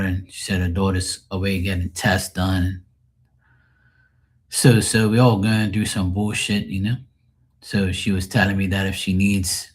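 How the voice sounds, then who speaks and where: A deep, husky man talks loosely to his livestream viewers. He rambles, answers comments as they come in and keeps clearing his throat. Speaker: livestream host. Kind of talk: casual livestream chat reading comments.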